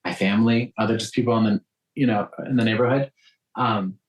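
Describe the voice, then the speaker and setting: A man's voice: on the low side, fairly quick, rough recording. A man from South Texas with a faint Southern accent, a guest talking in a casual interview, telling stories with frequent ums and restarts.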